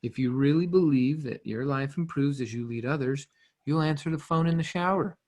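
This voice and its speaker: This is a man's slightly high, somewhat mellow voice at a moderate pace, captured with lo-fi sound. His style is casual motivational teaching: he coaches the listener conversationally, often circling back to phrases and starting sentences over.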